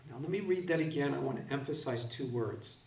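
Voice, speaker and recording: A man's voice: medium pitch, a little mellow, a little hiss or hum. A man teaching a Bible class to a live audience, carefully explaining the meaning of words one at a time. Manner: deliberate, explaining word by word. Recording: roomy, recorded from a distance.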